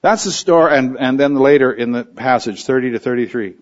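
A man preaching a verse-by-verse sermon in a relaxed, talky teaching manner, his voice sitting in the middle of the usual male range. The recording is a bit dull and lo-fi. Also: mid-range voice, a little fast. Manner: conversational teaching with short acted quotes. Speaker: pastor. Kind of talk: expository sermon.

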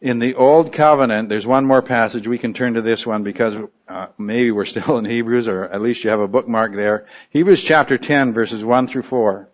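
A man's voice: mid-range voice, moderate pace, hardly any pauses, muffled recording. Man preaching a verse-by-verse sermon. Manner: conversational teaching with short acted quotes. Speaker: pastor. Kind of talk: expository sermon.

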